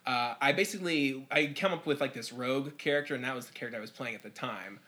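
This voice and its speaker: A podcast guest talking casually about his games in a bright, forward voice. He strings his thoughts together loosely with many "like"s and "uh"s. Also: medium pitch, fast talker. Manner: rambling, many fillers. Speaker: podcast guest, dungeon master. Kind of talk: casual chat.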